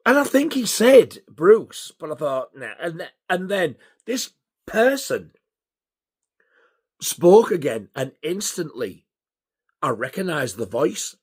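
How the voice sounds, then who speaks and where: A man telling an excited personal story, swearing freely and acting out what people said. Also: a little high, slow pace, breathy edge. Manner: animated, swears a lot, acts out quotes. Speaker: YouTuber.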